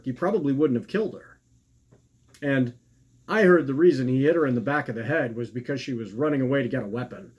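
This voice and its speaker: A man's voice: mid-range voice, a little mellow, husky. A man voicing an overfamiliar acquaintance who rambles through excuses and conspiracy talk in a chatty, dismissive way. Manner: chatty, self-assured, dismissive.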